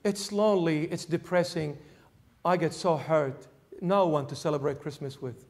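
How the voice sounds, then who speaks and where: A lonely elderly widow, humble and sorrowful, as a preacher acts her out in his sermon story. She speaks in a soft, lowered, subdued voice that still sits fairly high. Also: normal speed, close to an everyday voice.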